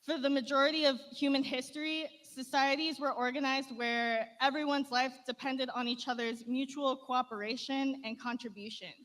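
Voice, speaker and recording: High-voiced woman speaking in a reverberant hall. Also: steady tone, normal speed, hardly any pauses, fairly bright tone. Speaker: conference speaker. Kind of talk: prepared speech. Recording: played-back speech with long hall reverb.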